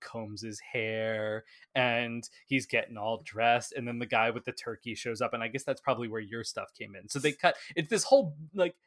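A man co-hosting a casual film chat, retelling scenes with lively acted-out quotes. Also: mid-range voice, moderate pace, few pauses. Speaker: film podcast co-host.

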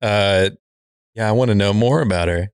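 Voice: deep voice, clear, resonant tone, no echo, clean studio sound. A podcast co-host bantering and joking in a casual chat. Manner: playful, quick jokes.

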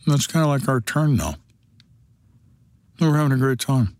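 A man's voice: mid-range voice, lively intonation, normal speed, darkish tone, dry recording. An older man, a retired detective, telling stories from his life in a dry, matter-of-fact way. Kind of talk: storytelling monologue.

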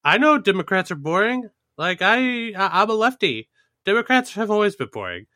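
A man's voice: high voice, very animated, normal speed, pushed and bright, no echo, clean studio sound. A man co-hosting a casual political chat, wry and joking. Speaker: podcast co-host.

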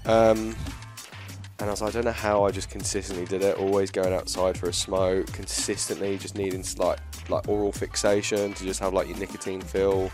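Young male podcast co-host, fairly low voice, loose rambling delivery full of fillers. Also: flat delivery, brisk, a little mellow, faint music behind. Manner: rambling storyteller, lots of fillers and swearing. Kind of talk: casual podcast chat.

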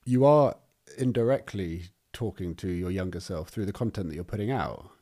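A man hosting a podcast interview over a video call, asking gentle, supportive questions. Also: deep voice, expressive, normal speed. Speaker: podcast host. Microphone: remote video call.

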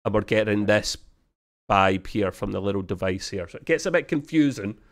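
A man co-hosting a casual review podcast, rambling with many ums and acting out quotes in high voices. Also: expressive, brisk. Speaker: podcast co-host.

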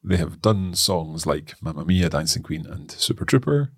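A man hosting a casual lesson, working through phrases aloud with halting restarts and frequent laughs. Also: deep voice, lively intonation, breathy edge, dry recording, studio quality. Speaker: language learner host.

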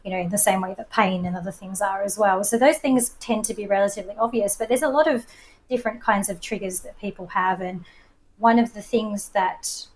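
A woman's voice: mid-range voice, steady tone, a little fast, a little hiss or hum, poor audio. A woman with an Australian accent, a coach and presenter, explaining ideas with confident enthusiasm. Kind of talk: explanatory podcast talk.

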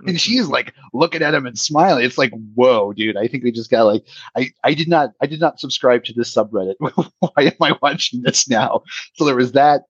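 A man's voice: medium pitch, a little fast, fairly bright tone, husky, no room sound, highs cut off. A man hosting a podcast in casual chat, telling stories in a chatty way and often laughing. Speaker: podcast host.

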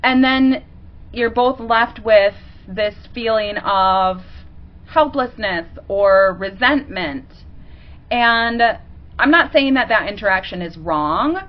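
A woman podcast host giving a casual teaching monologue. She talks conversationally and acts out quick examples as she goes. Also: medium pitch, expressive, muffled recording.

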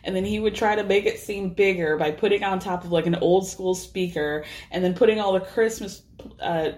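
A young adult woman hosting a podcast, recapping in a casual, animated way with voiced asides. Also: mid-range voice, normal speed. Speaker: podcast host.

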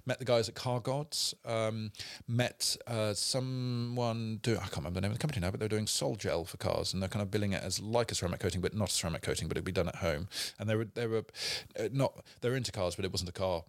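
English guy, lowish voice, dry close sound, rambly funny stories about himself. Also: fairly even intonation, fast, few pauses, no room sound. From England. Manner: rambling, self-deprecating anecdotes. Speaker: podcast co-host. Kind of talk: casual chat, storytelling. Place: studio.

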